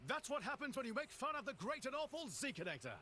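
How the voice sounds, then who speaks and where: A man's voice: extremely high pitch, very animated, fast talker, bright, forceful tone, slight background noise, full character voice. An actor voicing a cocky young man in a video game who teases and boasts. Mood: teasing. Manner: boastful, teasing.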